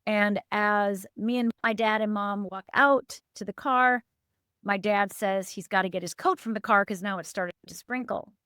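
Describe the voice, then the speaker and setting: A woman's voice: normal speed, a bit bright, clean tone, no room sound. Earnest middle-aged woman, dry close sound. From Upper Michigan, USA. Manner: earnest, emphatic, with sudden lifts and drops in pitch. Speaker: life coach guest. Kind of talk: emotional personal storytelling.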